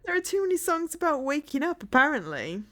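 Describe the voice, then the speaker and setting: A woman's voice: sits high, sing-song, fast talker, pushed and bright. Chatty woman streamer who laughs often. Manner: chatty and rambling, laughs often, hums and sings snatches of songs. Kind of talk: casual live-stream chat with viewers. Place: home.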